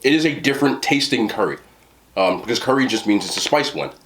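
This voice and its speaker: A man's voice: lowish voice, animated, fairly quick, fairly bright tone, slight background noise. An American man in casual storytelling to the camera, talking in a rambling way with many fillers and restarts. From United States. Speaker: food vlogger.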